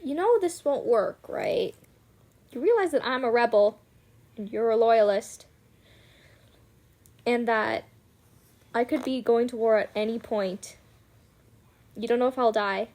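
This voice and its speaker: A woman's voice: a little high, expressive, measured pace, pauses often, darkish tone. A woman putting on a blunt young rebel officer. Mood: wary.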